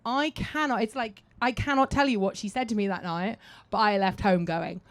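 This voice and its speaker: A woman's voice: medium pitch, moderate pace, very noisy. A woman telling a blunt, swearing, self-mocking story to a live audience, acting out her own thoughts. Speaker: panel speaker at a live event.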